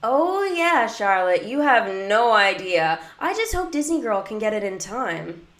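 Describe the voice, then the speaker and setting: Woman voicing a cheerful young island heroine, eager, bright, game dialogue. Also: fairly high pitch, sing-song, measured pace, echoey room. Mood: excited.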